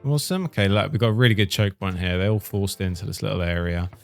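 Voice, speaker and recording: A man's voice: on the low side, fast talker, vocal fry, soft background music. A man giving casual, cheeky gameplay commentary, chatting along and teasing the characters on screen. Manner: chatty, cheeky, mildly swearing at his settlers. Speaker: gaming commentator.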